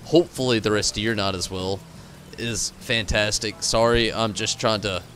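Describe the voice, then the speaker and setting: A man's voice: fairly low pitch, fairly even intonation, moderate pace, a bit bright, a little hiss or hum. A tired, frustrated man signing off his stream, rambling and swearing as he thanks his chat. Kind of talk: casual stream sign-off to chat.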